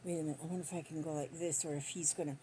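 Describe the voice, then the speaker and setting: A woman's voice: deep voice, fairly even intonation, very fast, mellow, slight background noise. An older woman vlogging as she sews quilt squares, rambling through folksy stories in a chatty country way. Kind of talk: casual chat while sewing. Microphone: phone on a stand.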